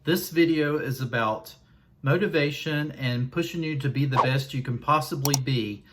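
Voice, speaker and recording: A man's voice: medium pitch, normal speed, over music. A man with a Southern US accent talking casually to his viewers in a vlog, folksy and self-deprecating, taking his time over each word. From Southern United States. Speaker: YouTuber.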